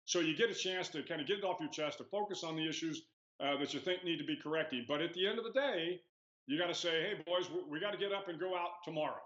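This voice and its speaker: A man in his sixties, a retired admiral, answering interview questions in a measured storytelling way with many "uh"s and "you know"s. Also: on the high side, fairly bright tone. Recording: echoey lo-fi remote audio.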